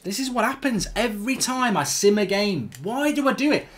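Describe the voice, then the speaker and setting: A middle-aged man with a high voice, lively intonation, fairly quick delivery, and a fairly bright tone. Hosting a gaming channel, he gives live commentary on his football video game, exasperated, swearing and groaning at his team.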